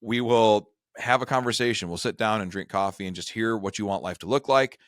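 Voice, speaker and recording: Lowish-voiced man telling a self-deprecating story. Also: fairly quick, dry recording, clean studio sound. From Michigan. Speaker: retirement advisor and show host. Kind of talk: casual storytelling chat.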